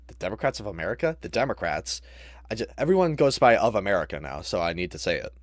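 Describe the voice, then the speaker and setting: A man's voice: fairly low pitch, big pitch swings, fast talker, no room sound, studio quality. A man giving casual reaction commentary, rambling and restarting his thoughts as he goes.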